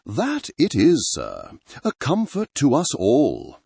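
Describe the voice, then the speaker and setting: A man's voice: medium pitch, wildly swooping pitch, slow, gravelly, dark tone, husky, no room sound, pitched above the performer's own voice, heavily acted. A man voicing a weathered, friendly old male fisherman in an audiobook reading, talking in a folksy, plain-spoken way.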